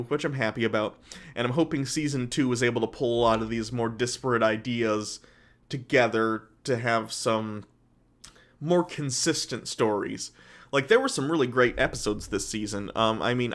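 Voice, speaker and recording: A man's voice: mid-range voice, fairly bright tone. Chatty man reviewing a show. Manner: chatty, filler-heavy, self-correcting. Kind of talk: casual spoken review.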